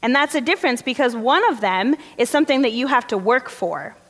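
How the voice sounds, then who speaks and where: In a church sanctuary full of long reverb, a female pastor tells her sermon like an informal story, sprinkling in easygoing fillers. She speaks a little fast, and her voice sits somewhat high for a woman.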